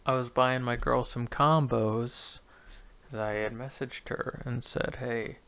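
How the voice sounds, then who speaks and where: A man's voice: medium pitch, steady tone, slow, creaky, no room sound, lo-fi sound. A drunk man in his twenties hosting his own podcast, rambling and joking at his own expense. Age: 20s. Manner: rambling, self-deprecating. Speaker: podcast host. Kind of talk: casual solo rambling podcast.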